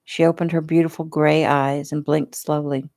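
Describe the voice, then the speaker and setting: A woman reading her own novel aloud in a relaxed, unhurried, casual way. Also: deep voice, no echo, clean studio sound. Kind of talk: casual audiobook narration.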